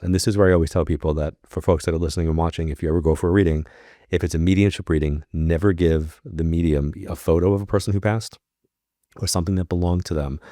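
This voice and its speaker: Low-voiced man telling a lively story. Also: no echo, studio quality. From New York. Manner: animated storyteller acting out quoted dialogue. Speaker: podcast guest, psychic medium. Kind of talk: casual storytelling.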